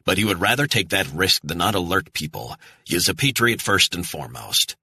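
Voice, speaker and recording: A man's voice: sits low, big pitch swings, brisk, pushed and bright, slightly rough, heavily acted. A man doing an earnest, pressing reporter. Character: middle-aged male journalist, earnest and persuasive.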